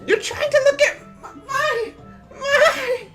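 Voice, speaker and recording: Natsuki, a woman putting on a shrill tsundere girl. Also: takes it slowly, soft background music, full character voice. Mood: flustered angry. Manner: shrill, indignant yelling. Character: hot-tempered, prickly schoolgirl club member. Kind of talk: reading a visual novel aloud in voices.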